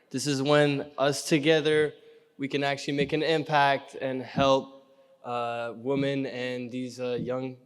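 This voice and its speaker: A young Canadian comedian hosts a gala, doing stand-up, running an auction, and energetically teasing the crowd. His voice is smooth and mid-range. The large banquet hall makes the audio echoey and reverberant.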